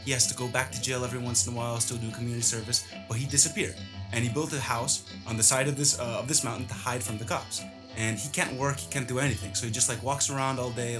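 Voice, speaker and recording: A man telling a personal story casually, rambling with lots of fillers. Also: medium pitch.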